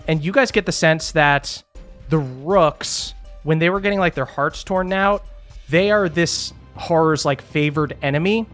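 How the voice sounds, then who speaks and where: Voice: medium pitch, a bit bright. A game master narrating a tabletop game casually, with fillers and the odd swear.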